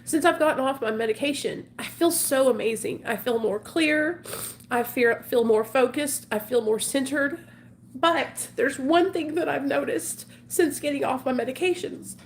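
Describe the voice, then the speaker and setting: With a high voice and a faint hiss or hum behind her, a woman in her forties shares a confessional vlog. She's candid, earnest and emotional, rambling with lots of filler words as she addresses viewers.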